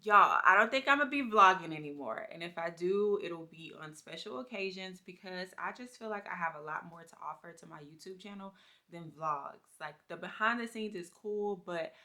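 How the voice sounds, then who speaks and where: Bright-voiced woman vlogging heartfelt. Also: lowish voice. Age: 30s. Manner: heartfelt, slangy, talks straight to viewers. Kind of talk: candid personal vlog.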